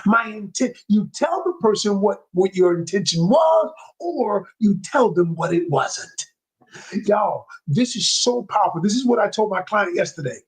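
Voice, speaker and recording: A man coaching an audience, talking emphatically, repeating key phrases and speaking straight to his listeners, sometimes lowering his voice to show calm. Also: moderate pace, slightly rough, poor audio. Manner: emphatic and repetitive, addresses listeners directly; drops his voice low to demonstrate calm. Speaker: communication coach. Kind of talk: motivational talk to an audience.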